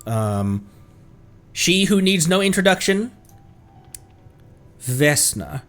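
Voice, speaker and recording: Male streamer, casual reaction talk, lively swinging pitch, hesitant and rambly with faint music behind. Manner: rambling and hesitant, many restarts, bursts of excitement. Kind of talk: casual livestream reaction commentary.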